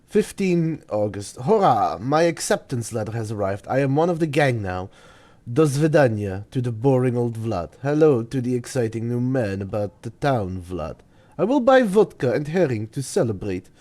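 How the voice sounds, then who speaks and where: A man's voice: medium pitch, big pitch swings, normal speed, few pauses, warm tone, close to an everyday voice. A man voicing a grumpy handyman reading his diary, with a put-on Russian accent and clipped, broken sentences. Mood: grumbling.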